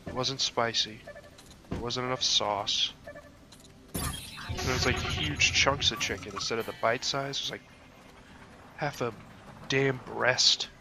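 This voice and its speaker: A young man casually commentating over a game he is playing, rambling offhand with lots of fillers and casual swearing, hiccuping and clearing his throat now and then. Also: medium pitch, steady tone, a little slow, long pauses, background noise. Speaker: gaming channel host.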